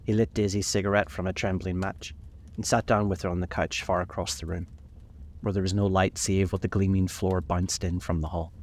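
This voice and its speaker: A man narrating a classic novel in a measured, reflective reading, slowing on key passages. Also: low-pitched, level tone.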